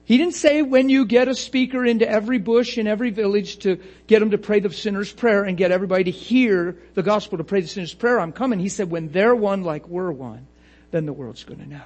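A man preaching a lively sermon, laughing often and acting out little voices to make his points. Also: sits high, fairly quick.

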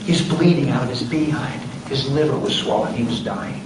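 Captured by a distant mic in a roomy hall with noise behind him, a preacher tells a story as part of his sermon. His voice is medium-pitched and moderately paced, and he leans on emphasis while performing each quote.

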